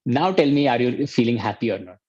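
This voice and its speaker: A man with an Indian accent, a life coach leading an online workshop, energetic and urging, repeating his commands. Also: mid-range voice, quick pace, husky, no room sound, dull audio.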